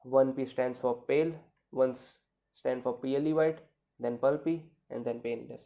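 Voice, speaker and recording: A man's voice: medium pitch, flat delivery, measured pace, creaky, highs cut off. A man giving a medical video lecture, talking conversationally, repeating key points and checking in with "okay" and "right".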